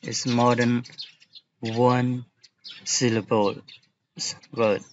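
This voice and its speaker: A man teaching an English lesson, explaining word rules slowly and patiently with examples. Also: medium pitch, little pitch movement, muffled recording. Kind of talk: recorded classroom lesson.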